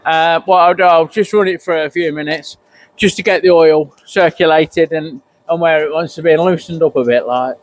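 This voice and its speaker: A man's voice: on the high side, steady tone, normal speed, slight background noise. A middle-aged man, giving a muttered, swearing running commentary as he works in a cold workshop. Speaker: custom motorcycle builder.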